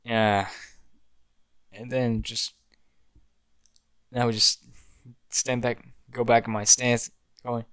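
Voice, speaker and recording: A man's voice: mid-range voice, flat delivery, slow, long pauses, a bit bright, clear, resonant tone, dry recording. A young man telling the story of an amateur fan film he made, in a rambling way with frequent restarts. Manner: rambling, restarts often, acts out his own film lines. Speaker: amateur filmmaker. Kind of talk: casual storytelling.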